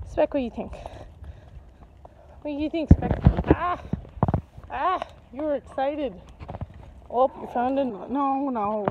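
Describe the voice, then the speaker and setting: A woman's voice: sits high, slow pace, pauses often, lo-fi sound, background noise. A woman walking her dogs outdoors and filming on a handheld camera, chatting to them in a playful, sing-song baby-talk. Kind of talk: casual chat to her pets while filming. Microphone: handheld camera or phone.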